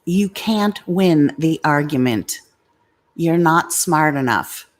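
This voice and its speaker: A woman's voice: deep voice, lively intonation, takes it slowly. A middle-aged woman hosting a casual livestream, blunt and confrontational with commenters, swearing freely. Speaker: livestream host.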